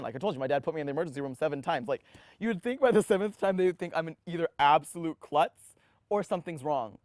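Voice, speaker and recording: A young man in his twenties recounts his past in an interview, his voice fairly high for a man. He tells it in an animated way, often restarting his sentences and briefly acting out other people's voices. The sound is dry and close, with no room around it. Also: no echo. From United States. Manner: animated, acts out quoted voices, frequent restarts. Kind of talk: personal storytelling interview.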